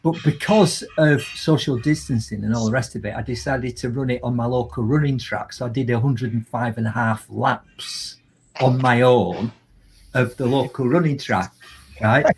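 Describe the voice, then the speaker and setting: A man with a Yorkshire accent tells lively anecdotes as a guest on a live video call. His voice is husky and sits in an ordinary middle pitch. He talks in a chatty, animated way, full of asides. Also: normal speed. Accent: Yorkshire English. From Yorkshire, England. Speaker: guest, motivational speaker. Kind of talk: casual storytelling in a live video chat.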